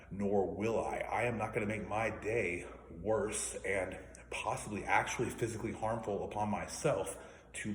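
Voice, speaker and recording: Indignant man ranting, echoey room. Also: fairly low pitch. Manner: profane, indignant, clears throat often. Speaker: vlogger. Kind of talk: angry ranting monologue. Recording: echoey room with faint noise.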